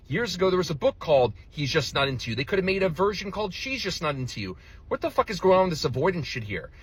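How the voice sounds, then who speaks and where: Profane, fast-ranting husky male coach. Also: fairly high pitch, fairly bright tone. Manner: blunt, profane, heated ranting. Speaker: relationship coach. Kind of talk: reaction commentary.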